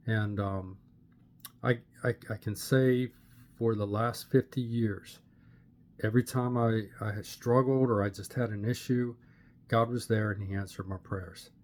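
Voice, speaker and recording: An older man from Pittsburgh, Pennsylvania, telling his personal faith story to a camera in an earnest, plain-spoken way with many "uh" pauses. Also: on the low side, steady tone, a little mellow. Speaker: channel host sharing his testimony. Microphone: camera facing the speaker.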